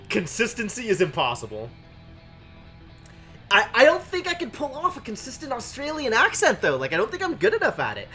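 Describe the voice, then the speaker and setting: A woman streamer giving chatty, excitable, self-mocking commentary on a game. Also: fairly high pitch, moderate pace. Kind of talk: let's play commentary. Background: game music.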